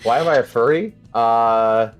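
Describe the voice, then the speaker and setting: A man's voice: medium pitch, a little slow, clear, resonant tone, faint music behind. A man guest on a casual podcast, talking in rambling, repetitive runs and speaking bluntly. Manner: rambling, repeats himself, blunt.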